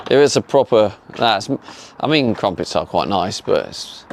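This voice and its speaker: A man's voice: on the low side, vocal fry, background noise. A British man streaming live, chatting casually with viewers and laughing often as he works. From Britain. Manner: chatty, laughs often, answers chat while working.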